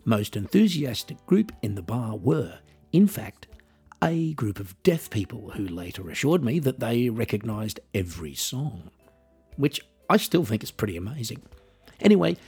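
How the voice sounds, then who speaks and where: A husky Australian man hosts his own show in a wry, self-deprecating monologue. His low voice rises and falls expressively, and faint music sits underneath. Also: a little mellow. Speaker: podcast host and musician. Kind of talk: scripted solo monologue.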